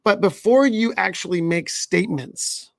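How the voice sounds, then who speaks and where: A male leadership coach hosts a podcast in an earnest, advising way, often checking in with "right?". His voice sits a little high and has a gravelly edge, and the recording is dry. He talks the listener through workplace habits in a steady conversational flow. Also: measured pace, no echo.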